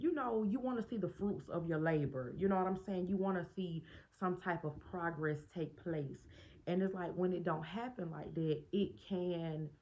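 A woman's voice: fairly low pitch, a little mellow, muffled recording. A woman chatting casually to camera as a vlogger, talking straight to her viewers. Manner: chatty, addresses viewers directly.

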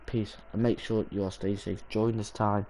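A young man commentating his own live gameplay stream, excitable, swearing and yelling at the game. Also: lowish voice, moderate pace, soft background music. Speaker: gaming streamer.

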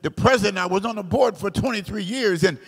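A man preaching a sermon in a large church hall, in a sing-song cadence that climbs into shouts. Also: sits high, fast, husky. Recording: long hall reverb.

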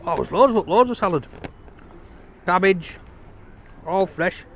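Male food vlogger, jokey and upbeat, slightly high voice, recorded outdoors. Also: expressive, unhurried, vocal fry, slight background noise. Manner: chatty, enthusiastic, jokey. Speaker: takeaway reviewer. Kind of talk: casual food review vlog.

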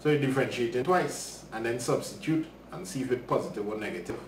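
A man's voice: mid-range voice, fast, distant mic, slight background noise. A man teaching a live maths lesson, chatting casually with viewers as he works through problems. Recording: roomy livestream audio from off-mic.

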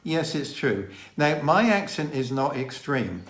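A man's voice: fairly high pitch, sing-song, unhurried, fairly bright tone, slight background noise. Man with a mild Dorset accent. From England. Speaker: co-host. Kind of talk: casual chat. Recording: roomy echo.

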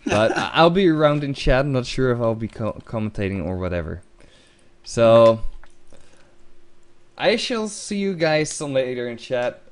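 A man chatting on a charity stream voice call as a guest voice impressionist, earnest and halting, often repeating his words. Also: mid-range voice, sing-song. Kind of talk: casual chat on a voice call.

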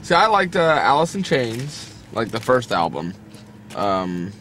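A man's voice: medium pitch, big pitch swings, a little slow, fairly bright tone, a little hiss or hum. A man from a band talking scornfully and sarcastically about music he dislikes, swearing freely. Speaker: band member. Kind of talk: casual interview chat.

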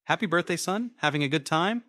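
A nervous middle-aged father pleads with his grown son, his voice shaky and rising in lively swings. A man acts him out, recorded dry and close in an animated story. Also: a little high, a little fast, dry recording, voice pushed up.

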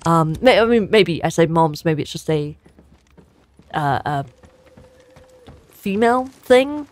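A woman's voice: low voice, lively intonation, slow. A woman co-hosting a gameplay stream, reading chat aloud and chatting freely with swearing. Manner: chatty, swears, laughs easily. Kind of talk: casual chat.

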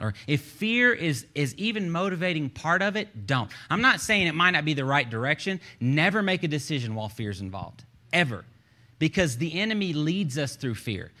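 A Texan man preaching a sermon with a bright, forceful voice. He is a pastor who talks to his congregation like he's chatting with friends, slipping jokes and asides into his points. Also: on the high side, normal speed. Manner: animated, joking, conversational preaching. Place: church stage.

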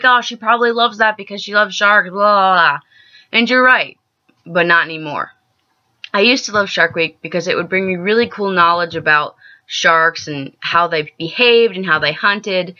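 A young woman vlogging an earnest, emotional rant she wrote as a script, stumbling and restarting now and then. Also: lowish voice. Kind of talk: scripted personal vlog rant. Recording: dull lo-fi with soft piano music. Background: soft piano music.

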